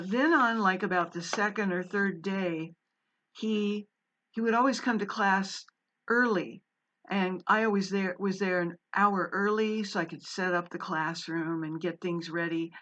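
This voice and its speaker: A woman's voice: on the low side, a bit bright, highs cut off. A woman and former college English teacher telling a personal story in a casual, meandering way, with many fillers and restarts.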